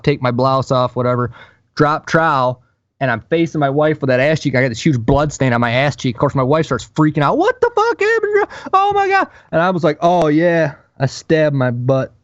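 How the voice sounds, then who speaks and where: A man co-hosting a podcast, telling a profane, animated story in casual chat. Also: mid-range voice, no room sound, lo-fi sound. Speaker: podcast co-host.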